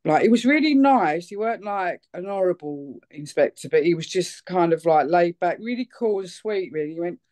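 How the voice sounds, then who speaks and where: A woman from England giving a personal testimony at church, telling it in an excitable, chatty way with many fillers. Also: lowish voice, fairly quick, few pauses.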